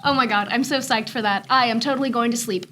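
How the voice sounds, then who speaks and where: A teenage girl co-anchoring a school TV show with an excitable, exaggerated delivery. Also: a little high, fast, background noise. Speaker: student news anchor. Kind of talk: scripted school broadcast. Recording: music behind.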